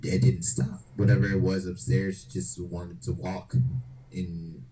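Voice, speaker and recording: Male podcast host, deep mellow voice, casual profane storyteller. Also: flat delivery, measured pace, slight background noise, poor audio. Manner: loose and profane, slangy fillers.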